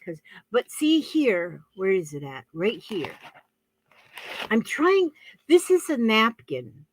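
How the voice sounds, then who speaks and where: A woman's voice: mid-range voice, very animated, slow, slight background noise, poor audio. A middle-aged woman from Florida chatting casually while crafting, often wandering off topic. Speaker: crafting vlogger. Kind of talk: casual rambling chat.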